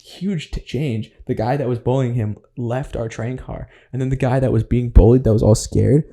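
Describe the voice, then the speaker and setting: This young man co-hosts a podcast, drifting through stories in casual chat and laughing often. He speaks at a normal speed in a medium-pitched, mellow voice with fairly even intonation.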